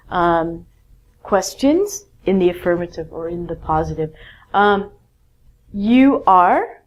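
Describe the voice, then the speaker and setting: A woman's voice: medium pitch, a little mellow. A woman teaching an English grammar lesson, speaking patiently and encouragingly. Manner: patient, encouraging, stretches out words. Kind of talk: slow, clear grammar lesson.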